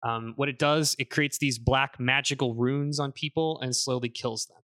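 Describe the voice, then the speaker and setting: A man hosting a casual podcast, recapping a game's story in an animated way with fillers. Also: medium pitch, moderate pace. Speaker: podcast host summarizing a game. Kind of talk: casual chat.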